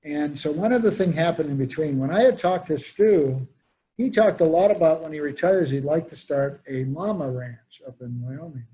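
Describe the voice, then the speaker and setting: A man's voice: on the high side, moderate pace, dark tone. A man presenting a workshop, telling anecdotes and acting out the people he quotes. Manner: storytelling, acts out quoted voices. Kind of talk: conversational workshop talk.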